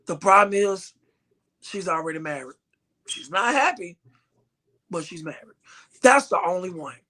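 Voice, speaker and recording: A man's voice: sits high, measured pace. A man co-hosting a podcast, telling stories bluntly and swearing in casual chat. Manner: animated, blunt storytelling with swearing. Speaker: podcast co-host.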